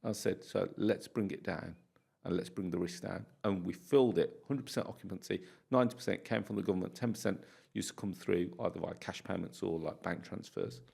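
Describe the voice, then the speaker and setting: A man's voice: deep voice, brisk, gravelly, slightly rough. A man from the UK, a property landlord, telling stories in a casual podcast interview and acting out the dialogue. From United Kingdom. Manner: animated storyteller, acts out dialogue.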